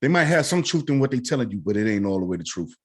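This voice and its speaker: Husky man making his point. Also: mid-range voice, sing-song, racing. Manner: earnest, lecturing, profane. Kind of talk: casual podcast chat.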